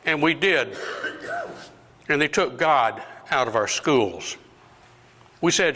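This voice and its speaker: Older man, deacon, slow deliberate delivery, bright ringing voice, long hall reverb. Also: mid-range voice, animated. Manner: acts out quoted voices, rising to near-shouts. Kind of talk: talk to a parish lunch group. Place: parish hall.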